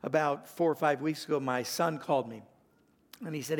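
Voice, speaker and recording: An older man, a pastor, preaching a sermon with folksy stories, rising louder and higher to stress his points. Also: normal speed, creaky. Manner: animated, rising in pitch and volume to stress points; folksy storytelling with restarts.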